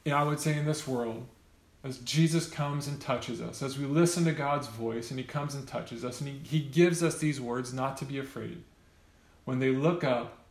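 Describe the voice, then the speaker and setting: A man's voice: medium pitch, reverberant. A pastor delivering a conversational sermon to his church, often checking in with the congregation by asking "right?".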